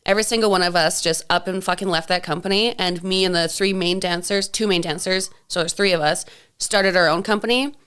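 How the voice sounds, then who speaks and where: Smooth-voiced woman telling stories. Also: lowish voice, steady tone, a little fast, a bit bright. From Canada. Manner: chatty storyteller, acts out quotes. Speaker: podcast co-host. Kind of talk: casual chat.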